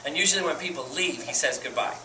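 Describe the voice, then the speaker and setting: A man who keeps animals, giving a chatty, animated educational talk to a group and laughing often. He is recorded from a distance with loud surroundings behind him. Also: fairly high pitch, quick pace, background noise. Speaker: animal keeper. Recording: echoey and distant with loud ambience.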